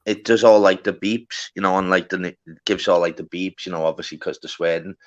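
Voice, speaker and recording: A man talking boxing with real excitement, swearing freely and tossing in mate and lad. His voice sits low. The recording is muffled and lo-fi. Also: fairly quick. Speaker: podcast co-host. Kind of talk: casual boxing chat.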